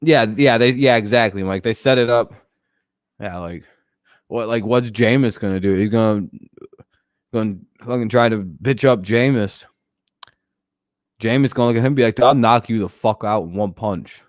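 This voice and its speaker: A man's voice: mid-range voice, moderate pace, pauses often, no room sound, studio quality. A man hosting a casual sports talk stream, rambling and joking with plenty of profanity. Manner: frequent fillers and restarts. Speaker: host.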